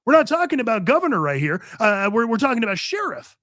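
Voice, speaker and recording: Brief: fired-up male radio host, high-pitched and animated, opinionated studio monologue. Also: fast talker, no echo. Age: older. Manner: fired-up, emphatic, repeats points. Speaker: radio talk show host. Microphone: studio microphone.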